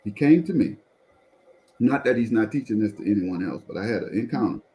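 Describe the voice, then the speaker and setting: Pastor guy telling his story, swoopy expressive voice, low mellow tone, keeps saying follow me. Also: a little fast, poor audio. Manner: animated storyteller, repeatedly telling the listener to follow along. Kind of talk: preaching testimony in a conversation.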